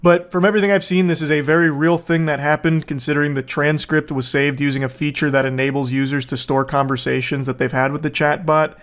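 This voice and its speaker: A young man hosts a casual commentary video, mixing sarcastic asides with frequent swearing. His voice sits a little higher than most men's. He sounds loose and offhand as he reacts. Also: little pitch movement, quick pace, hardly any pauses, fairly bright tone. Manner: sarcastic, profane, jokey asides.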